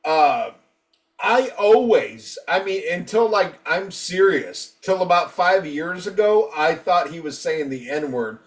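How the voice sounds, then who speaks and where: Co-hosting a casual album review podcast, a man with a high, animated but slow voice rambles and swears freely. He acts out quotes from the band members.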